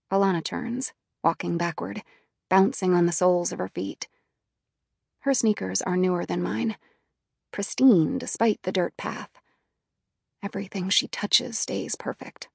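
A woman reading a first-person audiobook in a quiet, inward, subdued manner. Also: on the low side, measured pace, gravelly, long pauses, breathy edge, no room sound, clean studio sound. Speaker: audiobook narrator.

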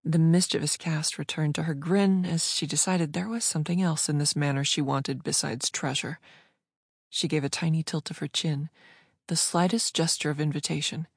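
Steady audiobook narrator, dry close sound. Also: mid-range voice, normal speed, husky, no room sound. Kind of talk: scripted narration.

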